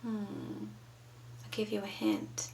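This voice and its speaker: A woman's voice: medium pitch, flat delivery, takes it slowly, gravelly, a little mellow, far from the mic, slight background noise, rough recording. A woman teaching young children from home, patiently prompting them to answer. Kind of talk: children's lesson.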